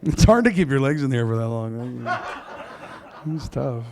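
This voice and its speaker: A man's voice: mid-range voice, sing-song, normal speed, creaky, a crowd in the background. A man doing a stand-up comedy set on a club stage into a handheld mic, brash and crude with self-mocking punchlines.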